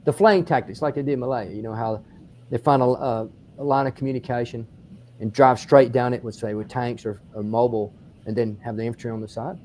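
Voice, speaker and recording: A man with an Australian accent, a military historian giving an on-site battlefield explanation, telling the story in animated detail with frequent restarts. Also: mid-range voice, brisk, a little hiss or hum. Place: outdoors on a battlefield.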